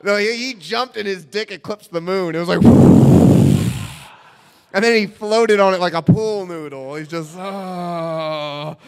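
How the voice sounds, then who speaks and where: A young man telling a comic true-life story on stage, animated and self-mocking, often laughing and trailing off in fillers. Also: high voice, fairly quick, hardly any pauses, clean tone. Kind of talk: live comedic storytelling. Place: stage in a hall before an audience. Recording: reverberant stage hall.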